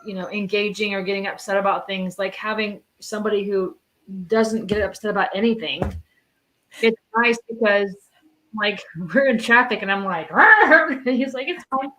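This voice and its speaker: A woman's voice: mid-range voice, fairly even intonation, moderate pace, fairly bright tone, poor audio. A woman co-hosting a casual podcast, telling candid, chatty stories. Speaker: podcast co-host. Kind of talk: casual chat.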